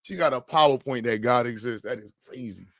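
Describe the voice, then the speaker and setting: A man's voice: medium pitch, a little fast, no room sound, clean studio sound. A man talking in a casual, teasing, slangy way, often breaking into laughs as he mocks and riffs. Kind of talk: casual trash-talking banter.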